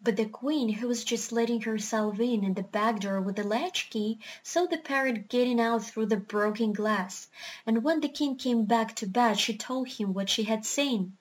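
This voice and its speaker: A woman reading a children's book aloud in a steady, expressive storytelling manner. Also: a little high, normal speed. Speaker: narrator.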